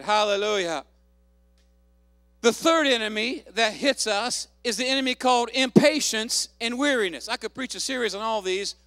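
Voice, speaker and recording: A man pastor preaching a fervent sermon, calling out hallelujahs and shouting to the congregation. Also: sits high, no echo.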